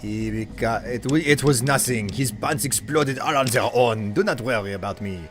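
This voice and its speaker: Streaming a video game over music, a man offers casual commentary in a mock French-German accent. At medium pitch and normal speed, he keeps a playfully stiff, formal manner.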